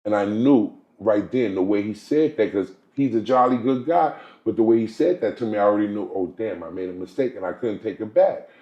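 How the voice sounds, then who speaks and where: A man's voice: on the low side, fairly quick, hardly any pauses, mellow, roomy sound, muffled recording. A man hosting a podcast, telling a story in casual, emphatic chat with lots of asides. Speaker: podcast host.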